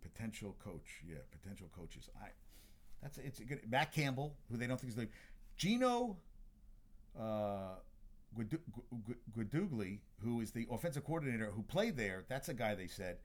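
A man's voice: medium pitch, very animated, normal speed. Blunt, foul-mouthed man talking sports. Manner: blunt, opinionated, swears freely. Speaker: sports talk host. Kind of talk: casual sports talk.

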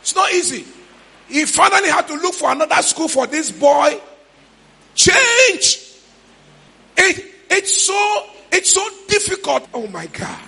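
A man with a Ghanaian accent preaching a sermon in church, shouting in a sing-song way with sudden high cries. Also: sing-song, a little slow, creaky. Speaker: pastor.

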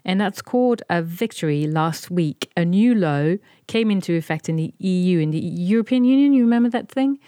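French-accented woman cohost, lowish voice, chatty with lots of uhs, dry close sound. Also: a little fast, few pauses, dry recording. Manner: animated, with hesitations and laughs. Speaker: podcast co-host. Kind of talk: casual radio-style chat.

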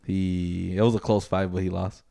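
A man with a fairly low voice, recorded dry and close. He talks in a laid-back way and keeps insisting on the same point in casual chat. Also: little pitch movement, normal speed, gravelly, dark tone, no echo. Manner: laid-back, stubbornly repeating his point.

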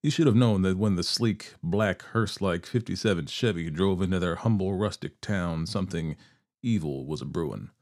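A man reading a short story aloud with measured, theatrical narration. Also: sits low, darkish tone. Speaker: story reader.

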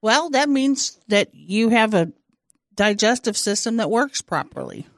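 A woman co-hosting a casual chat, tossing in teasing questions and quick jokes. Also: a little high, expressive, no room sound, clean studio sound.

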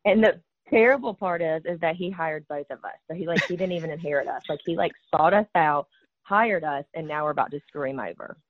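A woman's voice: deep voice, fairly quick, slight background noise. A middle-aged woman with an Alabama Southern accent, co-hosting a podcast in casual, rambling, joking chat. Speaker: podcast co-host. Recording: tinny phone-like line, dry.

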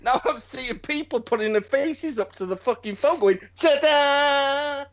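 A man chats on a podcast in a loose, rambling way, full of swearing and false starts. His pitch swings widely as he talks. The sound is dull and lo-fi. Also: lively intonation, normal speed. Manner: rambling, swears, lots of restarts. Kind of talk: casual chat.

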